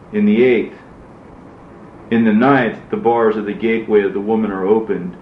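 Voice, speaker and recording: A man voicing God as a stern male divine judge, in a measured, solemn reading. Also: on the low side, a little hiss or hum, lightly acted. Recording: roomy, dull lo-fi recording.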